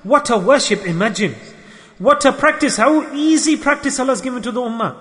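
High-voiced fervent preacher in a hall. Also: male voice, fairly quick, fairly bright tone. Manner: fervent, storytelling, repetitive exclamations. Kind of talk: sermon. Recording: echoey hall reverb.

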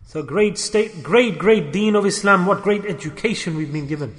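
Speaking at normal speed in a voice that sits high, a man preaches with passion, returning to the same phrases and voicing the characters he quotes. A long reverb from the hall trails his words.

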